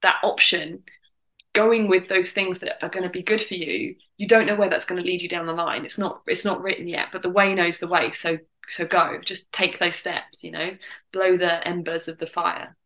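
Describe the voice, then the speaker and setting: A woman's voice: lowish voice, fairly even intonation, moderate pace, fairly bright tone, low-quality recording. A woman guest from the UK talking in a reflective, encouraging way, with frequent fillers and restarts. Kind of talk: casual conversation.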